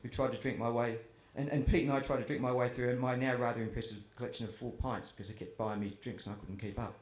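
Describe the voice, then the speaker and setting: A man's voice: mid-range voice, fairly even intonation, quick pace. Chatty man telling funny family stories. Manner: chatty, self-deprecating, quotes his father. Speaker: author speaking at a festival. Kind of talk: humorous storytelling to a live audience. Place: festival tent or hall with audience. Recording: roomy hall with faint ambience.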